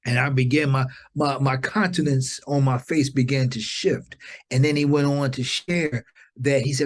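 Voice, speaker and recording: Talking at normal speed, this man in his fifties, a guest on a podcast, shares an inspirational story. He sounds like a spirited preacher, pitch often springing upward on his exclamations.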